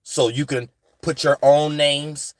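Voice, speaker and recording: A man's voice: on the high side, flat delivery, takes it slowly, dry recording. Man, casual spiritual monologue, rambling, dry room. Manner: rambling, repeats "you know what I'm saying". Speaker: astrology channel host.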